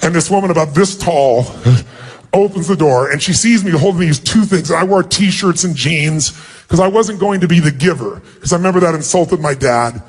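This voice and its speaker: A motivational speaker with a husky voice tells an emotional personal story to an audience at a moderate pace. He speaks earnestly, and his pitch jumps up when he acts out dialogue.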